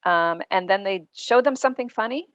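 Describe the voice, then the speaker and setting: A woman's voice: mid-range voice, moderate pace, a bit bright, no echo, muffled recording. A woman guest author in a podcast interview, explaining earnestly with frequent ums.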